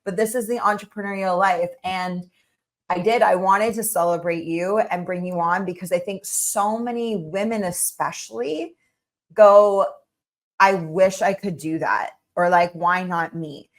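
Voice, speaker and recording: A woman's voice: lowish voice, fairly even intonation, a little slow. Effusive woman podcast host. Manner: encouraging, effusive, heavy use of "like". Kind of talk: casual interview chat.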